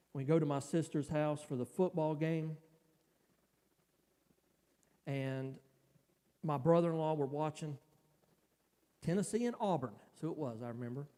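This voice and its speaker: Male church speaker, fairly high voice, emotional halting testimony, long church-hall reverb. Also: mellow. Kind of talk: personal testimony sermon. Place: church sanctuary.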